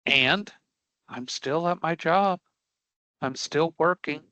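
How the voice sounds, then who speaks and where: A man leads an online career class in a bright, somewhat high voice that sounds close and dry. He is blunt and emphatic, brushing off angry customers as no big deal and checking in with the class again and again. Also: slow pace, clean tone, no room sound, dull audio. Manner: emphatic, checks in with frequent rhetorical questions. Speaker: career prep instructor. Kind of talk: live online class lecture.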